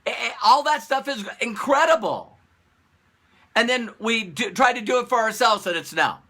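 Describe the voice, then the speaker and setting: A man giving a casual motivational talk to camera as a business coach, animated and repeating phrases and rhetorical questions. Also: extremely high pitch, moderate pace.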